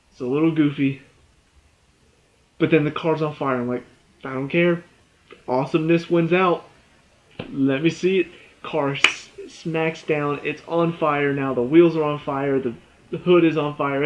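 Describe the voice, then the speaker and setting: Excitable rambling young-sounding man. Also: a little high, muffled recording. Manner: excitable, rambling, laughs often, restarts words. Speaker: TV episode reviewer. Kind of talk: excited casual review.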